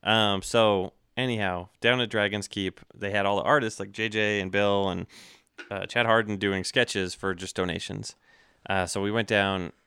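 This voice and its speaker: Low-voiced man rambling as podcast host. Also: steady tone, normal speed, sharp tone, clean tone, dry recording, clean studio sound. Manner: rambling storyteller, lots of fillers and laughs. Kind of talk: casual podcast chat.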